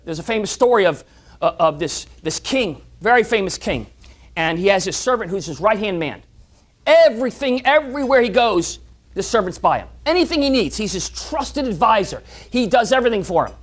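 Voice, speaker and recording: A club meeting hears an animated motivational talk from a medium-pitched speaker who tells stories and often repeats words when starting over.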